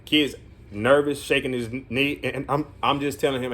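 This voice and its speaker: A man's voice: medium pitch, fairly even intonation, normal speed, a bit bright. A man working as a group home counselor, telling a story in casual vlog talk, rambling with many fillers and earnest, encouraging asides.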